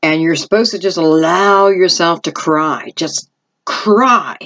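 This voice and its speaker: A woman's voice: fairly low pitch, steady tone, moderate pace, fairly bright tone, muffled recording. A middle-aged woman giving an intuitive tarot reading, rambling and thinking aloud as she goes. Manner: rambling, thinking aloud, lots of "I feel like" asides. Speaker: tarot reader.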